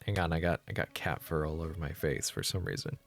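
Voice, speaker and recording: A man's voice: extremely low pitch, quick pace, gravelly, faint music behind. A man hosting a horror game playthrough, reading its text aloud and muttering dry asides. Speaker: let's play host.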